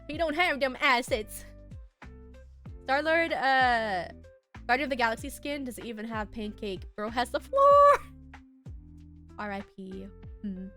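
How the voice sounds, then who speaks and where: Laughing often, a young woman trades bubbly, teasing banter with her live chat during a casual home stream. She has a high-sitting voice with a fairly bright tone.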